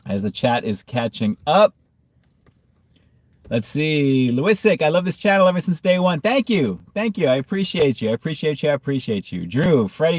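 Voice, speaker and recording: A man's voice: a little high, sing-song, normal speed, a little mellow, no room sound, clean studio sound. A man hosting a casual food review livestream, reading chat comments and often breaking into hard laughter.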